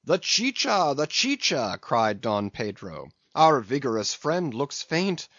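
A man's voice: mid-range voice, expressive, slow pace, fairly bright tone, dry recording, highs cut off, heavily acted. A man reading the part of a hearty, solicitous nobleman in a storybook reading. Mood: urging. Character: Don Pedro, hearty nobleman host, a man.

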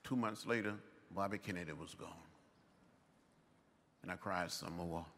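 Older man orating in a bright, echoing hall. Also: low voice, creaky. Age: 70s. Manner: slow, emphatic oratory in short measured phrases. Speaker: commencement speaker. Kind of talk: commencement address. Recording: long hall reverb.

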